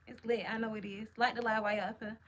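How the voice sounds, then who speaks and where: Bright hyped-up woman streamer. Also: a little high, flat delivery, quick pace. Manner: hyped, slangy, chatty. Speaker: livestream host. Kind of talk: casual live chat answering comments.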